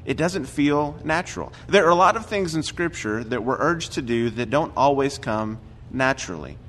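A man delivers a sermon in an easygoing, conversational way, sprinkling in filler words as he talks. His voice carries a long reverb from the church hall, with a faint rumble underneath. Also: moderate pace. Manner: conversational, relaxed with frequent "uh" fillers. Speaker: preacher. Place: church sanctuary.

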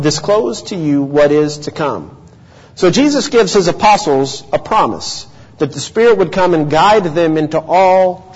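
Husky-voiced preacher in a reverberant hall. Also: male voice, high voice, a little mellow. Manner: earnest, measured teaching with rhetorical questions. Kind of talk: sermon. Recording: dull lo-fi audio with long hall reverb.

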